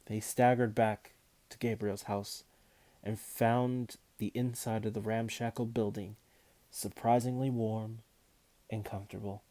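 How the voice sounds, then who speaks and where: A man reading a children's novel aloud in a calm, measured way. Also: fairly low pitch. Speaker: audiobook reader.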